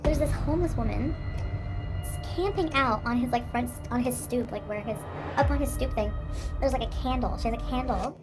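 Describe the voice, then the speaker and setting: A woman's voice: a little high, brisk, over music. A young woman livestreaming, rambling in casual chat with lots of "like" and swearing.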